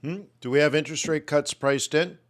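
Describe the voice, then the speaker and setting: Guy running a live trading stream, kinda high voice, jokey and rambling, talks back to the chat. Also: fairly quick, a bit bright. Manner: loose, joking, answers viewers' questions, muses aloud. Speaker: trading webinar host. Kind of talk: live market commentary to chat.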